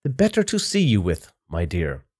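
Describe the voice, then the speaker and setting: A man voicing a sly male wolf in a storybook reading, squeaking in a high false voice to pass as someone else. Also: wildly swooping pitch, moderate pace, a little mellow, no room sound, clean studio sound. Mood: menacing. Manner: squeaky put-on falsetto turning menacing. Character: sly big bad wolf, male, faking a high sweet voice.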